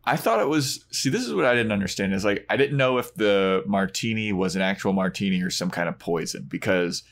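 A man in a relaxed podcast chat, recapping an episode with lively put-on voices for the characters. His voice sits a little low, and he often slides way up into a squeaky pitch for a quoted line. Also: fairly quick. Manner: animated retelling, acts out quoted lines. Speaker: podcast co-host.

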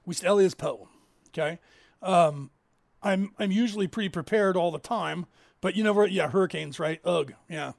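A man in his fifties from California, rambling casually as he hosts a livestream and tells stories, with a raspy edge. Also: high-pitched, moderate pace, no echo, clean studio sound. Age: 50s. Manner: rambling storyteller, acts out others' lines in raised voices. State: raspy from COPD. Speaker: livestream host.

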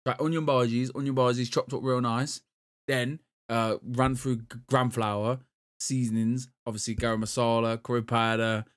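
A man's voice: mid-range voice, level tone, moderate pace. A man, a podcast co-host in casual chat, rambling with lots of fillers. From Europe. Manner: rambling, full of "like" and "um".

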